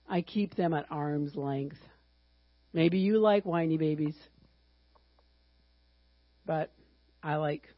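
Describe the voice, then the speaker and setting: A woman in her sixties teaching a Bible lesson in a chatty, humorous way, sometimes breaking into excited exclamations. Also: sits low, slightly rough, no room sound, lo-fi sound. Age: 60s.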